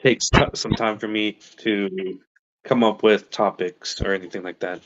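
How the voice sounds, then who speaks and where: A man in a casual chat, talking shyly and hesitantly with many pauses and fillers. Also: on the low side, fairly even intonation, dull audio. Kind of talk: casual language-exchange chat.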